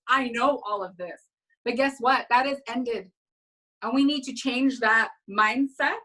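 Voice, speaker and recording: A woman's voice: high-pitched, pushed and bright, low-quality recording. A woman of Caribbean heritage giving a motivational talk on a video call, coaching her audience through affirmations with lots of energy. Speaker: speaker at an online women's event.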